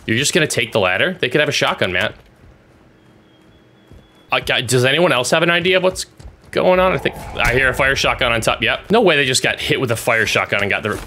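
A young man giving excitable, sarcastic commentary while spectating a shooter game, teasing the players he watches. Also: mid-range voice, brisk, a little hiss or hum. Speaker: gaming YouTuber commentating.

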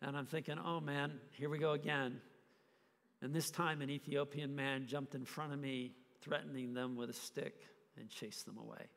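A man preaching a sermon, telling a story with animated, acted-out scenes. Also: medium pitch, moderate pace, gravelly, big-room sound. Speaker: pastor. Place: church hall.

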